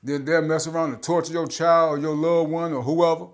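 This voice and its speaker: A man's voice: a little high, little pitch movement, a little fast. A man preaching informally, blunt and profane, often stammering on filler sounds and repeating "man" and "all right?". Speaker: street preacher.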